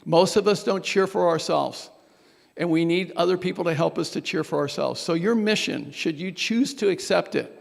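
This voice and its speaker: A man's voice: sits high, moderate pace, vocal fry, in a large hall. A man leading a workshop group exercise, coaching and urging the room on with energy. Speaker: workshop presenter.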